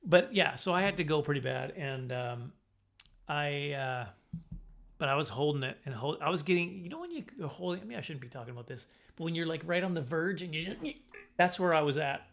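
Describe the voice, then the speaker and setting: A middle-aged man telling a self-mocking comic story to camera in a casual, animated way. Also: a little fast, gravelly. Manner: animated, self-mocking, jumps into high squeaky voices for his younger self. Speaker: comedian storyteller.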